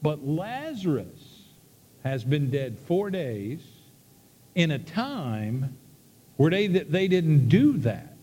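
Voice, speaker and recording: A man's voice: fairly high pitch, very animated, slow, warm tone, breathy edge, big-room sound. A man preaching a sermon, retelling a story in a conversational way with many repeats and restarts.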